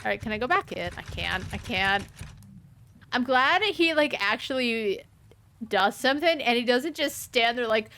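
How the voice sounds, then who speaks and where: A woman's voice: a little high, lively intonation, a little slow, a bit bright. A young woman streamer giving casual let's-play commentary, chatty and sarcastic, with frequent swearing.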